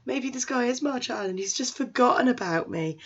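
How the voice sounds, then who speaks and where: A woman's voice: fairly high pitch, expressive, a little fast, breathy edge, muffled recording, pitched above the performer's own voice. Woman doing a flustered, panicky schoolboy. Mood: pleading. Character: timid, flustered teenage schoolboy.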